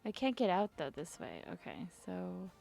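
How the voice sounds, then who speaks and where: A woman chatting to herself while she plays a video game, rambling and giggly, her voice climbing high when she gets nervous. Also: huge pitch swings, normal speed, creaky, dark tone, faint music behind. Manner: rambling self-talk, giggly. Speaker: streamer. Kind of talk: casual gameplay commentary.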